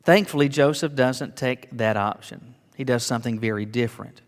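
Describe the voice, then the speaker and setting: A man's voice: mid-range voice, moderate pace, big-room sound. A man preaching a sermon as pastor, earnest and rising to emphatic declarations, often repeating words as he builds.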